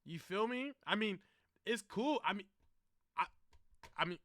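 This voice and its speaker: Lively high-voiced young streamer man. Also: a little slow, no room sound, studio quality. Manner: slangy and animated, calling the listener bro and gang. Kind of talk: casual reaction commentary.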